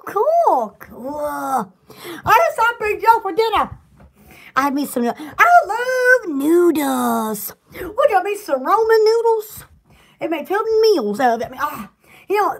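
A woman from Alabama chatting casually at home with her viewers, rambling and giggling, often restarting her sentences and breaking into excited exclamations. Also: very high-pitched. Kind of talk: casual chat.

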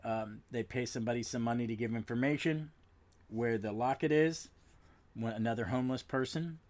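A man's voice: medium pitch, darkish tone. Rambling man recapping a comic. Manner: rambling, halting, with frequent restarts and trailing asides. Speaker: podcast host. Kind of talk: casual comic book recap.

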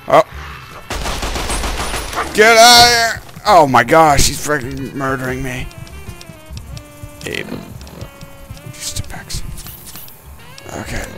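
Gravelly excitable gamer guy. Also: mid-range voice. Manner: excitable, yelps and grumbles at the game. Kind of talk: let's play commentary.

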